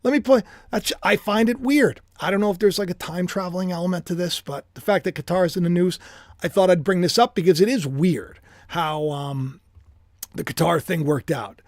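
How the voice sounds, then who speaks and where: A man's voice: high-pitched, normal speed, dry recording, studio quality. A man hosting his own channel, talking to viewers in a rambling, conversational way, full of restarts and asides. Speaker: host. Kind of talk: casual speculative monologue.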